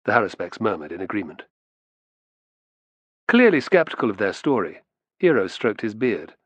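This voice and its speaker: A man reading an audiobook in steady, measured scripted narration. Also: lowish voice, dry recording.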